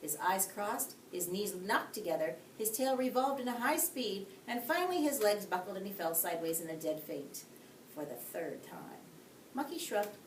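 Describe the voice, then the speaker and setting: Woman teacher reading a bedtime story, very lively up-and-down delivery, echoey room, mic set back. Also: mid-range voice. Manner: expressive, asides to young listeners. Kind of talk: read-aloud storytelling. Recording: echoey room, distant mic, faint hiss.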